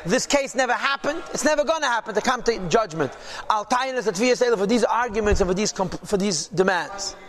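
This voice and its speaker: A man teaching a Torah class, reading Hebrew and Aramaic phrases and translating them quickly into English, emphatic and repetitive. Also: high voice, animated, a bit bright. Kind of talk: Hasidic text class.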